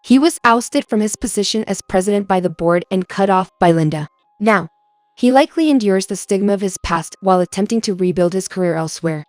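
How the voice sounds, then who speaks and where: A woman narrates a scripted first-person story in an even, steady manner. Her voice sits at middle pitch. The recording is dry, with faint music underneath. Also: a little fast, no room sound.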